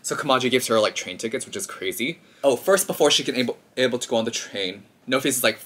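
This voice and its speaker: Man, vlogger, casual film recap, chatty, lots of fillers, animated, mid-range voice. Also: medium pitch, fast.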